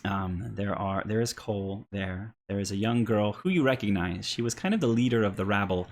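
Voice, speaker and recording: A man's voice: fairly low pitch, fairly quick, slight background noise. A man narrating a tabletop role-playing game as game master, rambling with many ums and restarts.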